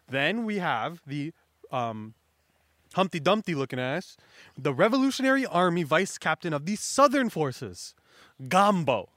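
Excitable male manga recapper, high lively voice, dry close mic. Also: dry recording. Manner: excitable, casual, self-correcting. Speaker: manga chapter reviewer. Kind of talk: casual recap and commentary.

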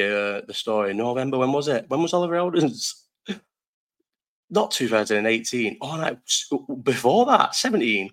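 A man hosts a casual live chat from home. He rambles through his stories, swears freely and breaks into laughter, his voice sitting at an ordinary middle pitch. He talks into a desk mic that is partly covered. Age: 30s. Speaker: live stream host.

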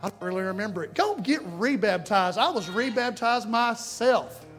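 A man with a high-pitched voice preaching a lively sermon in a church. He swings from shouted exhortation to quiet, hushed asides. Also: moderate pace, faint music behind. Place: church sanctuary.

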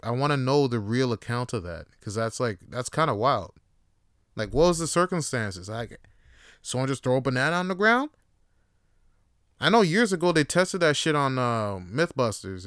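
Man comedian, rambling profane monologue, crisp resonant voice, dry close sound. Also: medium pitch, no room sound. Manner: profane, rambling, deadpan asides. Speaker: podcast host and comedian.

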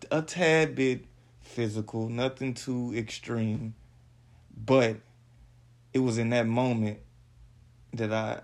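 A man telling a personal story on his podcast, halting and repeating words. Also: on the low side, creaky, darkish tone. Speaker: podcast host.

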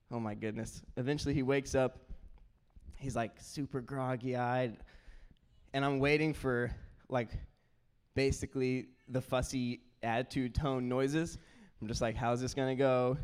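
A young man preaching a sermon, telling family stories in an animated way and acting out his kids' voices. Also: mid-range voice, smooth. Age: young adult. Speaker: pastor.

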